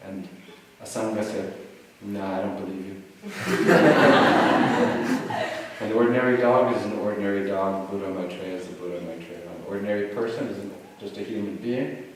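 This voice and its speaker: A man giving a dharma talk, telling a teaching story in a relaxed way with many "you know"s and "like"s, recorded in a retreat hall. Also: fairly low pitch, a little fast, hardly any pauses, noisy background. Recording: echoey hall, mic at a distance, faint ambience.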